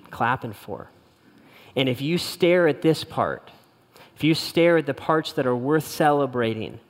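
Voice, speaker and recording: A middle-aged pastor preaching on love and marriage. He speaks with lively storytelling and acts out the quotes in a raised, animated voice. His voice rings with the long reverb of a large hall. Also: mid-range voice. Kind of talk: sermon on marriage.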